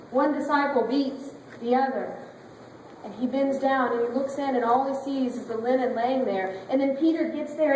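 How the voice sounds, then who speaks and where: A woman's voice: high voice, a little mellow, a little hiss or hum. A woman pastor preaching a sermon with dramatic, emotive storytelling, recorded from a distance in a very echoey church sanctuary.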